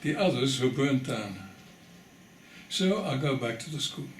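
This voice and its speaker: An older man from the Netherlands giving an oral history testimony, telling his story in a measured way and pausing for weight. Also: mid-range voice, expressive, reverberant, slight background noise. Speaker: interviewee.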